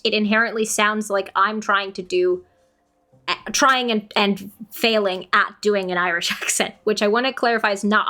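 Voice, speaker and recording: A woman's voice: mid-range voice, pushed and bright. A woman streaming a game, chatting casually and laughing often. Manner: giggly, chatty.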